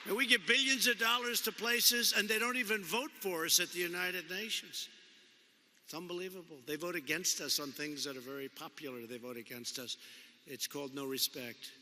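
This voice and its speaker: A man's voice: high voice, fairly even intonation, fairly quick, pushed and bright. A man giving an off-the-cuff political speech as president, rambling and repeating himself with conversational asides. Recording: long echo of a big hall.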